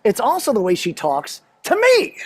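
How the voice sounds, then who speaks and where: A man's voice: very high voice, a little mellow, slightly rough. A man doing a stand-up comedy set on stage, chatty and self-deprecating as he works the crowd.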